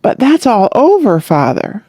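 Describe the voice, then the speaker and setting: A woman's voice: fairly high pitch, wildly swooping pitch, a little slow, dark tone, no room sound, clean studio sound, pitched above the performer's own voice, exaggerated voice. A narrator doing an earnest, eager young woman. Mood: earnest, pleading. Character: indignant young woman pleading with her father.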